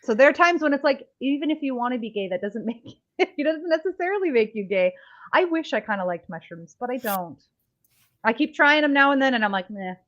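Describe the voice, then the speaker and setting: A Canadian woman chatting casually on a podcast, rambling along and poking fun at herself. Her voice sits a bit high. The recording sounds dull and lo-fi. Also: lively intonation, brisk, fairly bright tone. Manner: chatty, rambling, self-deprecating. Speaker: podcast co-host. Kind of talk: casual chat.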